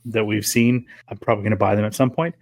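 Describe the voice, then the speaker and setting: A man's voice: fairly low pitch, fairly even intonation, fast, gravelly, a little mellow, dry recording. A man co-hosting a podcast in easygoing casual chat, with some hesitant restarts. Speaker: podcast co-host.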